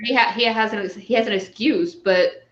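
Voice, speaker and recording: A playful woman joining a casual chat, repeating her words as she starts a thought. Her slightly high voice comes through a roomy, somewhat dull remote connection. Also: moderate pace, a bit bright. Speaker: guest.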